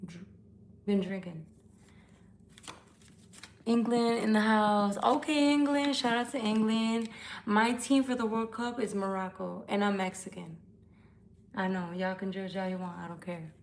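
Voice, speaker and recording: Gravelly-voiced tipsy woman tarot reader. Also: mid-range voice, a little slow, long pauses, a little hiss or hum. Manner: blunt, profane, animated. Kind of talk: casual live-stream chat. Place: at home.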